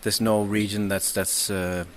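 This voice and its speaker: Halting man, low voice. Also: level tone, very noisy. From Denmark. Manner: halting, many restarts and fillers. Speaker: podcast guest. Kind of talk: casual chat. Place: indoors, over drinks.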